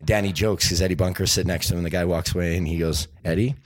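A man on a podcast telling animated stories and acting out the voices of the people in them. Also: low-pitched, very fast, no room sound. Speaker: documentary filmmaker guest. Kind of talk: podcast interview storytelling.

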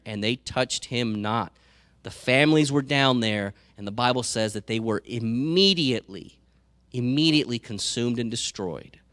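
A man's voice: mid-range voice, fairly bright tone, no echo. A man preaching a sermon as a pastor, earnest and repeating words as he goes.

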